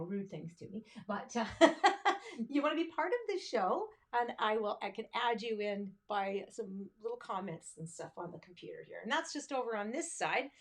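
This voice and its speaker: A woman hosting a music livestream, chatting and joking directly with her viewers between songs. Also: a little high. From Canada. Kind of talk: casual chat between songs. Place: home livestream setup, in front of cameras.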